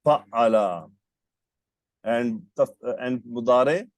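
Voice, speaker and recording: A man's voice: medium pitch, slow, dry recording. A man teaching Arabic grammar in an online lesson, patiently quizzing his student with short questions over a call. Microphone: computer mic on a video call.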